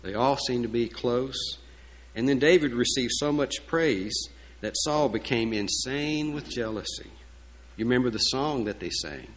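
A man's voice: mid-range voice, measured pace, a little hiss or hum, rough recording. A man preaching a sermon in a folksy, emphatic way, with asides and fillers. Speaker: pastor.

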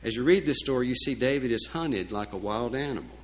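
A man's voice: medium pitch, animated, fairly quick, a little hiss or hum, rough recording. A man preaching a sermon in a folksy, emphatic way, with asides and fillers. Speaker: pastor.

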